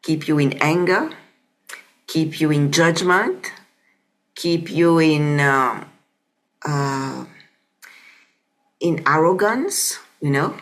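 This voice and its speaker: A woman's voice: deep voice, very slow, long pauses. A woman hosting a podcast interview, speaking reflectively and often adding "you know?". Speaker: podcast host. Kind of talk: conversational interview.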